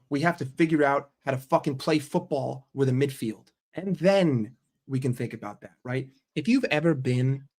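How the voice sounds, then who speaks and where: An American man ranting as a football fan vlogger, emphatic and profane. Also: medium pitch. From United States.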